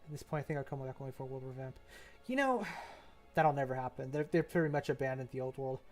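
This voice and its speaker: A man's voice: mid-range voice, fast, soft background music. A young man chatting casually as he streams, rambling and laughing often. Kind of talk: casual chat while mapping.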